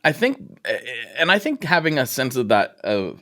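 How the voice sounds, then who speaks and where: A man's voice: mid-range voice, huge pitch swings, normal speed, sharp tone. A middle-aged man hosting a podcast, telling his story reflectively and acting out his own past thoughts. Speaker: podcast host. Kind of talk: casual interview chat.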